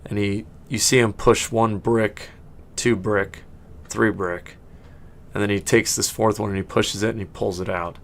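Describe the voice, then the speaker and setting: Acting as game master for a tabletop session, this man speaks at a measured pace in a steady, gravelly voice that sits on the low side. He wanders through his narration with plenty of fillers and restarts and frequent laughter, with slight background noise behind him.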